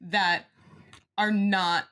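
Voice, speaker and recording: A woman's voice: medium pitch, little pitch movement, drawn-out words, a bit bright. A woman chatting casually as a podcast co-host who questions and corrects what she hears. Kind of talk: casual chat.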